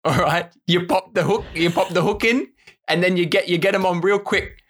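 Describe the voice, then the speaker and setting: A man's voice: sits high, steady tone, moderate pace, fairly bright tone. A man playing Gaza, an impulsive, blustering character who keeps cutting in during an improvised comedy scene. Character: blustering bloke called Gaza, impulsive and pushy.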